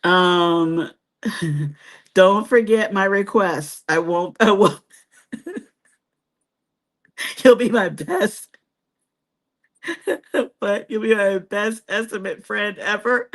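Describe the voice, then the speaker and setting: A woman's voice: medium pitch, extremely slow, long pauses. A woman hosting a live stream who chats casually with viewers and reads their comments. She is chatty, laughs often and teases herself. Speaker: host of a cruise travel channel.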